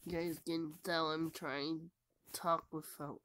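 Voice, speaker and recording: A woman who is sick and hoarse, talking tiredly through a game and often dropping to a whisper. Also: deep voice, flat delivery, unhurried, fairly bright tone, no echo. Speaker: gamer. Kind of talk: casual gameplay commentary.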